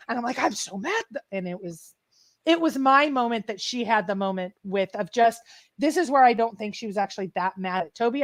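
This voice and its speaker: A woman co-hosting a treasure hunt livestream, retelling events in an emotional, animated way with many restarts. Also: mid-range voice. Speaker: treasure hunt show co-host. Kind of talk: casual livestream chat, storytelling.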